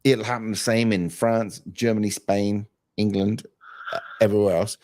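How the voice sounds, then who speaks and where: A man hosting a live call-in stream, talking in a teasing, animated way and cutting in on callers. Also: on the low side, moderate pace, dry recording, clean studio sound. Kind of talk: casual call-in chat.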